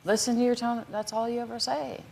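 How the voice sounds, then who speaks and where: A woman's voice: a little high, level tone, brisk, vocal fry, darkish tone, slight background noise. A woman on a talk show arguing defensively and in exasperation with her husband. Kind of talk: heated marital argument.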